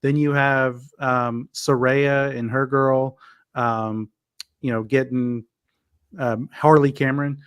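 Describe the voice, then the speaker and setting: A man with a mid-range voice co-hosts a casual podcast. He talks in a halting, loose way and often backs up to restart his sentences. The sound is dry and close, with no room around it. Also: mid-range voice, little pitch movement, clean tone, no room sound. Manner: halting, with frequent restarts and fillers. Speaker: podcast co-host. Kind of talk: casual wrestling review chat.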